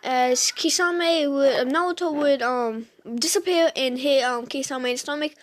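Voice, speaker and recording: A woman with a high-pitched voice speaks at normal speed, casually retelling a fan story straight to her viewers. She sounds hesitant, with lots of "um"s and restarts.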